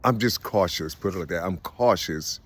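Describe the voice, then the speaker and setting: Man, middle-aged, very low voice, rambling casual monologue, lots of fillers, swears a lot. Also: a bit bright. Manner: halting, many fillers and "you see"; swears freely. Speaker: vlogger.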